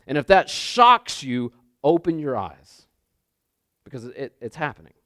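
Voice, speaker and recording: A man's voice: medium pitch, very animated, unhurried, bright, forceful tone, dry recording, studio quality. A man preaching a sermon in a loose, conversational way, repeating phrases and checking in with his listeners. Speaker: pastor.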